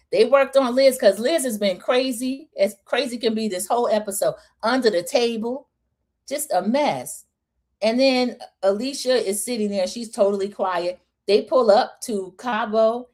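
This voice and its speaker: A middle-aged woman hosting a livestream recap, casually chatting and acting out what the cast said. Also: mid-range voice. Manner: animated retelling, acting out quoted lines. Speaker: host of a reality show recap livestream. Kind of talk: casual chat.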